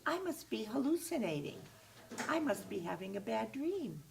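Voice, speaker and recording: A woman plays a fretful young boy in a storybook tale, his voice pitched up high and rough-edged. He frets loudly. The sound comes from some distance off the mic. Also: sing-song, moderate pace, noisy background, exaggerated voice. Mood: worried. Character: anxious young boy in trouble. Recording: voice far from the mic.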